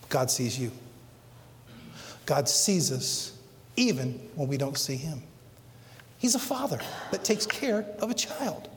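Preaching as pastor, this middle-aged man performs quotations with drama, moving from booming emphasis down to hushed, low passages. A long reverb from the hall hangs over everything.

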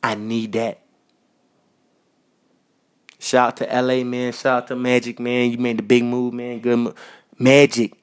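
A man from Minnesota hosting a podcast, talking casually and giving loud, repetitive shout-outs full of slang. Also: mid-range voice, level tone, measured pace, long pauses, clear, resonant tone. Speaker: podcast host. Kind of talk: casual solo podcast monologue. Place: North Minneapolis.

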